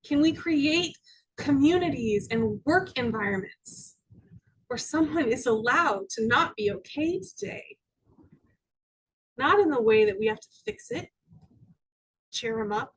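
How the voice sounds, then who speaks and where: A woman minister with a high, slightly husky voice gives a spiritual talk to a congregation. She tells personal stories, acts out the voices of the people in them, and sometimes drops to a soft near-whisper. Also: expressive, a little slow, pauses often, low-quality recording. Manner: storytelling, acting out quoted voices, dropping to soft near-whispers. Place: church sanctuary with audience.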